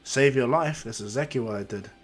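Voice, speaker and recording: A man's voice: mid-range voice, brisk, close to an everyday voice. A man voicing a friendly, confident teenage boy hero who stays firm when challenged. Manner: easygoing, polite, firm when pushed.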